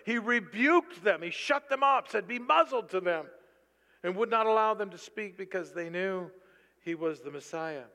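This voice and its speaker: A tired male pastor preaching a sermon, animated and breaking into loud bursts when he quotes. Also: high-pitched, moderate pace. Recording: long reverb of a large hall.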